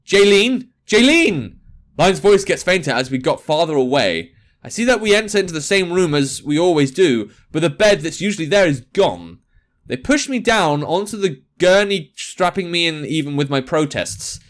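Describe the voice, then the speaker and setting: A man's voice: a little high, animated, normal speed. A young man reading a visual novel aloud and adding jokey, sarcastic asides. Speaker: gaming video host.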